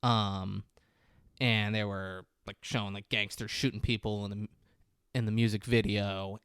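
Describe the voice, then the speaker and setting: A man's voice: flat delivery, unhurried, fairly bright tone, clear, resonant tone, no echo, studio quality. A man co-hosting a podcast, rambling through a movie plot in casual, profane chat and acting out the characters' lines. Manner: rambling, profane, acts out quotes with big pitch jumps. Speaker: podcast co-host.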